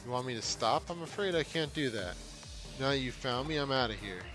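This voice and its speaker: A man doing a spiteful Digimon villain who spreads sorrow with its sound. It taunts and scoffs in a mid-pitched voice. Game music plays clearly behind it. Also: animated, a little fast, lightly acted. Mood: taunting. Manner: taunting, scornful.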